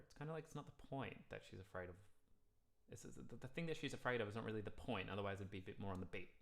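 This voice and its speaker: A man's voice: fairly low pitch, fairly bright tone. A man teaching a live music theory lesson, counting beats and scat-singing rhythms to explain a song. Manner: sings example lines slowly.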